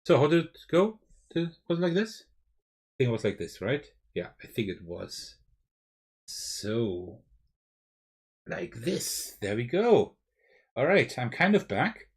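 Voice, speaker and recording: A man with a German accent, streaming live and thinking aloud through a card game, often checking with a quick "right?". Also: medium pitch, big pitch swings, husky. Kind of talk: live-stream gameplay commentary.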